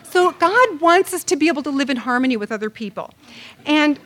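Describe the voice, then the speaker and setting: A middle-aged woman with a high voice tells a story in a sermon. She is animated and acts out each quoted voice as she goes. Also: moderate pace. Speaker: Bible teacher.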